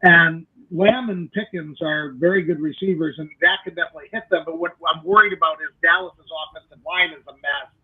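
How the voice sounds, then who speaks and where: A man's voice: a little high, brisk, few pauses, husky. A man co-hosting a casual sports debate, opinionated and often restarting his sentences. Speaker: co-host. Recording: tinny phone-like line.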